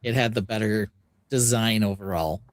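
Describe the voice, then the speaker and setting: A man's voice: fairly low pitch, moderate pace, dry recording. A man hosting a podcast, talking casually and rambling a little as he recalls past projects. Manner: relaxed, rambling with restarts. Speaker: podcast host and builder.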